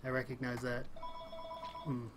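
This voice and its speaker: A casual let's play gamer, speaking a little slowly at an ordinary middle pitch, rambles and thinks aloud through a frustrating climbing game. He's chatty, with frequent small laughs and sudden exclamations. A clear, steady hiss from his home desk mic runs underneath.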